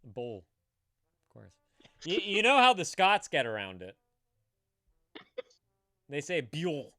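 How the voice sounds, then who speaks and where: A man's voice: a little high, slow pace, smooth, dry recording, studio quality. A man hosting a live stream, joking around and swearing freely in casual chat. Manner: animated, swearing freely, jokey. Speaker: stream host.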